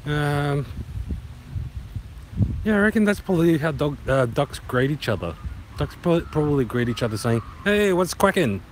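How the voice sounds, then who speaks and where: A man's voice: fairly high pitch, moderate pace, long pauses. Rambling Australian man vlogging outdoors. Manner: rambling and punning, sings along loosely. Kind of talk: casual walking vlog. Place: outdoor park by a duck pond. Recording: noisy outdoor phone recording. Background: outdoor ambience with passing traffic.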